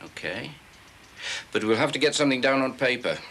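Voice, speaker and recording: A gravelly, diplomatic manager. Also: male voice, medium pitch, lively intonation, fairly bright tone. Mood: measured. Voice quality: measured, diplomatic. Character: careful, placating middle-aged male manager. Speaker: transport manager. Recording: TV drama with faint background noise.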